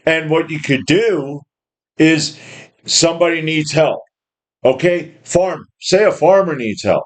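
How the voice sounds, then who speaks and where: A man in his fifties delivers a casual, combative monologue, swearing freely and repeating words as he restarts his thoughts. His voice sits a little higher than most men's. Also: slow pace. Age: 50s. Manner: blunt, profane and combative, with mocking put-on quotes. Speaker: home gym channel host.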